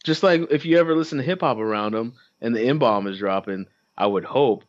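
A man's voice: medium pitch, fairly quick. A man co-hosting a casual podcast, joking and slipping into mock voices for laughs. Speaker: podcast co-host. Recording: slightly dull lo-fi sound.

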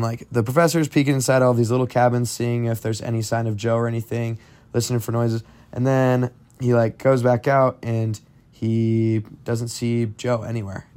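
With a clear, resonant, slightly mellow voice at medium pitch, a young man relates a spooky story to his friends on a podcast. He rambles along casually, relying heavily on "like" and "um."

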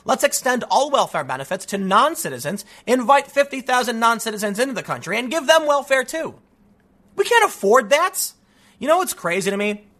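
Commentator: bright, high-pitched man with a lively, swooping delivery, sarcastic and a little congested. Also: fairly quick. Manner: animated and sarcastic, with frequent mocking voices. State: stuffy from allergies. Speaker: political commentator. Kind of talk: casual opinion monologue.

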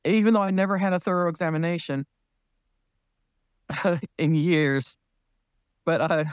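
A man's voice: on the high side, measured pace, smooth, dry recording. A man who is a clown and a parent, a podcast guest telling a story in casual talk and laughing often as he goes.

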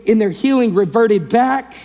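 A male pastor preaching a sermon in an animated way, acting out the people in the story and swinging between loud and hushed delivery. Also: high-pitched, unhurried, in a large hall.

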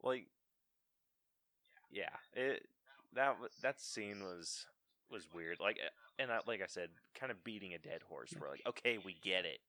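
A man co-hosting a podcast, chatting loosely about a film in casual slang that is quick to curse. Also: on the low side, animated, pushed and bright. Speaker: podcast co-host.

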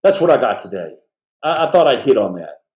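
A man's voice: medium pitch, big pitch swings, a little fast, a little mellow, dull audio. A middle-aged man hosting a live podcast, talking fervently to viewers in a rambling way with many restarts. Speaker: podcast host. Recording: roomy echo.

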